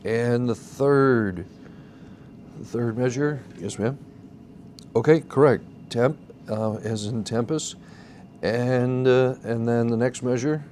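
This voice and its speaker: Patient male instructor with a mellow tone, faint background hiss, teaching a class. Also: mid-range voice, takes it slowly. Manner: patient, explains step by step, asks the class questions. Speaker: song leading teacher. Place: church classroom.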